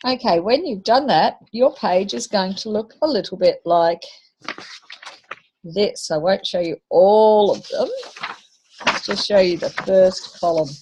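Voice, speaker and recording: Slow, patient woman teaching phonics. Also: medium pitch, a little mellow, highs cut off, slight background noise. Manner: slow, patient, sounding out letters. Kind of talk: phonics lesson for young children.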